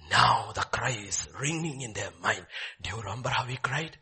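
A male pastor, preaching a sermon and swinging between loud declaiming and hushed pleading. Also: medium pitch, expressive, normal speed.

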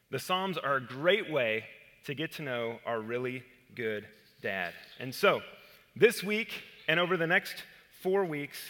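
Pastor, man, sermon: earnest step-by-step teacher, slows for scripture; tense, bright tone. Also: mid-range voice, long reverb tail. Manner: earnest, explains step by step and reads verses slowly.

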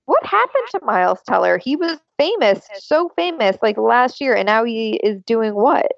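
A woman's voice: fairly high pitch, very animated, moderate pace, gravelly, no echo, muffled recording. A woman co-hosting a podcast in casual, chatty talk with plenty of fillers. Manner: chatty, lots of fillers, laughs often. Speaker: podcast co-host. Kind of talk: casual chat.

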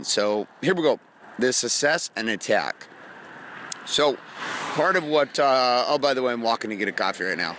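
A man hosting a motivational podcast, talking slowly and quietly to rest a strained voice, casual and profane, while walking down a street outdoors. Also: medium pitch, background noise. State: strained voice, resting it. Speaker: podcast host and coach.

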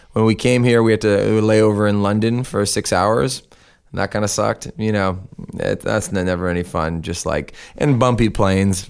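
Man from Canada, low gravelly voice, smooth tone, laid-back musician, chatty. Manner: laid-back, full of "like" fillers. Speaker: musician guest. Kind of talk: casual interview chat. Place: radio studio.

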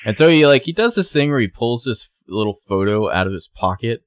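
On a relaxed podcast, a male co-host recaps a TV episode, retelling scenes with rapid quoted voices for the characters. His medium-pitched voice is expressive, in a dry recording.

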